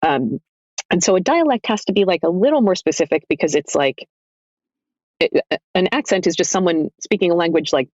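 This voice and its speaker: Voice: mid-range voice, lively intonation, a little fast, dry recording. A narrator talks as a guest on a roundtable, rambling and full of "like" while working through an idea. The audio is a little dull and lo-fi, and the room sounds dry. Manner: chatty, full of "like", thinking out loud. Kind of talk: casual roundtable discussion.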